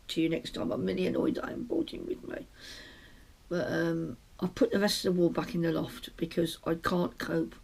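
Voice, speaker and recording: A woman's voice: lowish voice, gravelly, darkish tone, breathy edge. A woman from Britain hosting a casual knitting podcast from a small closed room at home, rambling and chatty and often breaking off mid-sentence. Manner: rambling, chatty, self-interrupting. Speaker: podcast host.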